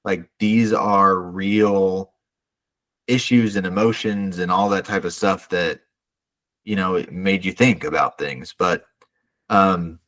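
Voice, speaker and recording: A man co-hosting a podcast in casual chat, animated, acting out characters' lines. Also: deep voice, takes it slowly. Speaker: podcast co-host.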